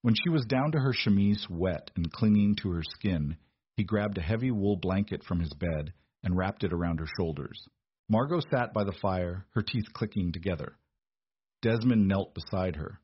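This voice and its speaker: Low husky guy reading a romance story, steady and measured, dull dry sound. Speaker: narrator. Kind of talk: scripted romance narration.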